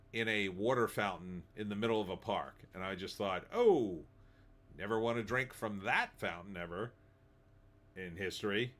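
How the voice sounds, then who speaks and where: With a fairly low but fairly bright voice, a middle-aged man hosts a live stream where he reads chat messages and mocks them. His casual commentary is sarcastic, full of laughter and put-on voices.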